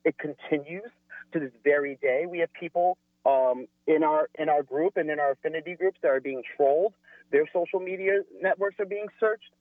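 A man's voice: a little high, no echo. Earnest man on a tinny phone line. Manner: earnest, deliberate, with many um fillers. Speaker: guest on phone. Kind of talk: earnest radio interview. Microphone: telephone.

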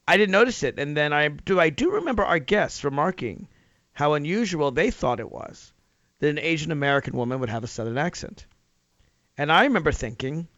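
A man's voice: mid-range voice, a bit bright, no echo, dull audio. A man from Tennessee hosting a radio talk show, arguing his point with rhetorical questions and emphatic rises. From Nashville, Tennessee, US. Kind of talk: opinion talk radio monologue.

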